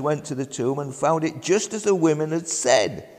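A man from England with a Yorkshire accent preaching a sermon in a church, halting and full of ums and repeated words. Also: on the high side, expressive, darkish tone. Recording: long hall reverb.

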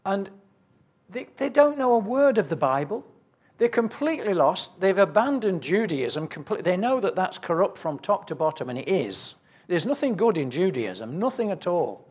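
A man's voice: high-pitched, big pitch swings, normal speed, darkish tone, slightly rough. A man preaching a sermon, earnestly telling stories with quoted dialogue and reading scripture aloud.

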